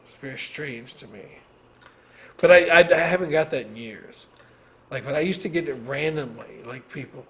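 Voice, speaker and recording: Slow rambling man with faint hiss. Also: medium pitch. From Texas. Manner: rambling, swears freely, laughs often. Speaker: podcast host. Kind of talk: casual chat.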